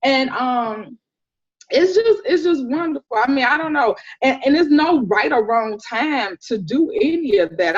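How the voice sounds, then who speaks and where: A woman doula telling stories in a casual interview, animated and acting out the people she describes. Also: fairly high pitch. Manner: animated storyteller, acts out voices, laughs often. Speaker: doula, podcast guest. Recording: dull lo-fi sound.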